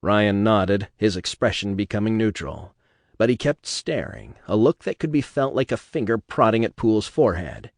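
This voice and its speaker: Guy reading a novel aloud, low voice, steady, dry sound. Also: normal speed, dry recording. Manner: steady storytelling. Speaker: narrator.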